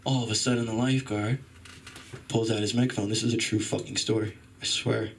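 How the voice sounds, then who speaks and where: A young man doing a profane stand-up set at a comedy club open mic, acting out loud voices as he tells stories. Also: fairly low pitch, brisk, gravelly, recorded from a distance, faint music behind. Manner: animated, swearing storyteller, jumps into loud voices.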